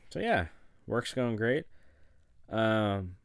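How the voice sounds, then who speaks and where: A man's voice: fairly low pitch, big pitch swings, extremely slow, gravelly, clear, resonant tone, dry recording. A man giving a casual, rambling personal update to the camera, swearing freely and chuckling as he goes. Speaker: vlogger.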